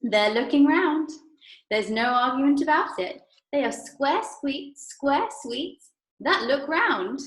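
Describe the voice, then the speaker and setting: A high, bouncy, impatient chocolate maker hurries everyone along, put on by a woman reading aloud. He is lively and bossy, and the voice rings out in a roomy space. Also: measured pace. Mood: brisk. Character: eccentric brisk male chocolate maker.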